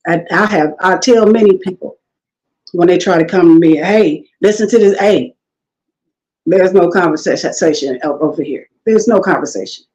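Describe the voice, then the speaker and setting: Speaking at normal speed in a voice on the low side, a woman guest animatedly recounts stories in a relaxed interview. She brings other people's words to life in lively voices. The recording has its highs cut off.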